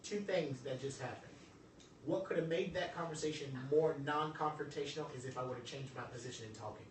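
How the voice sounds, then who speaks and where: A man giving a joking, animated motivational talk to a group, acting out little dialogues as he goes. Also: fairly high pitch, fairly quick, roomy sound, distant mic, background noise. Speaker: workshop speaker.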